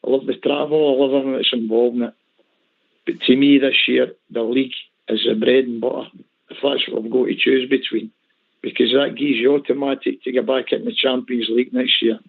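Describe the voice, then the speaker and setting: Male caller, passionate, gravelly, phone-line sound. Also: mid-range voice, level tone, a little fast. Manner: emphatic, passionate about football. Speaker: regular caller. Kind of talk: casual phone-in chat. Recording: phone-line call audio.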